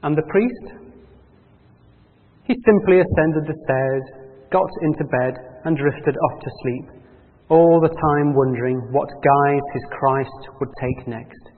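A man reading a parable aloud in a measured storytelling way, then asking quiet reflective questions. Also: a little high. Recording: tinny phone-like sound in a reverberant hall.

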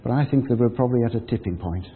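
A man preaches a sermon, retelling the story in an easy, chatty way and acting out the voices in it. His voice is slightly husky. It echoes with a long hall reverb through a thin, phone-like line. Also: mid-range voice, rapid-fire. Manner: conversational storytelling, acts out quotes.

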